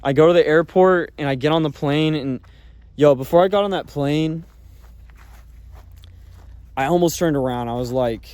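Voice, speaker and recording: A man's voice: a little high, moderate pace, long pauses, a little mellow, clean tone, no room sound. A man telling a personal story in a casual, rambling way, full of fillers and swearing. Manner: rambling, filler-heavy talk with frequent swearing.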